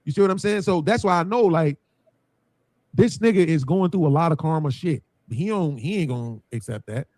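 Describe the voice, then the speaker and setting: A panel show host speaks in a slightly high, animated, somewhat fast and mildly mellow voice, recorded at studio quality with no room sound. He talks bluntly in casual panel chat, swearing heavily and acting out what people said.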